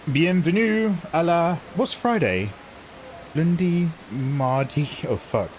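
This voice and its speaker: Male streamer, slightly high voice, cheeky and jokey, laughs easily while chatting to chat. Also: lively intonation, slow, slight background noise, rough recording. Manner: playful, jokey, laughing often, hamming up mangled French. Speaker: game livestreamer. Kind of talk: casual live-stream chat to viewers.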